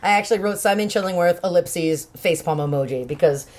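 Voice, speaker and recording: A woman's voice: fairly low pitch, fairly quick, a little mellow. A woman co-hosting a podcast, recapping a novel in loose, profane casual chat full of "like". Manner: loose and profane, narrating with lots of "like". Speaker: podcast co-host.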